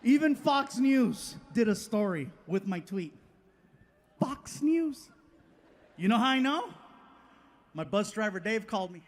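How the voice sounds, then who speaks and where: A man doing stand-up comedy, telling stories in an animated way and laughing often. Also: high-pitched, measured pace, pauses often, a little hiss or hum. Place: comedy stage before a live audience.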